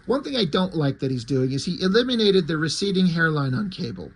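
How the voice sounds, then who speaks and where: A man's voice: fairly high pitch, sing-song, fairly quick, a little hiss or hum. A man casually recapping and reviewing a comic book, sarcastic and swearing freely. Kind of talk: casual chat.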